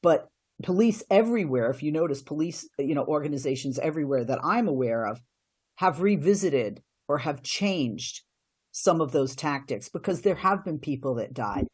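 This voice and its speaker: A woman's voice: deep voice, expressive, normal speed, a little mellow, slightly rough. A middle-aged woman, a radio host and commentator, giving earnest answers in a podcast interview, often restarting her sentences.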